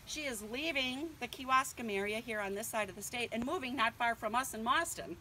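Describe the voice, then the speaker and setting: A woman's voice: a little high, brisk, bright, forceful tone, slight background noise, low-quality recording. An older woman giving a casual, nervous speech at her book launch party, thanking family and friends with lots of ums. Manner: chatty and nervous, with frequent um and laughs.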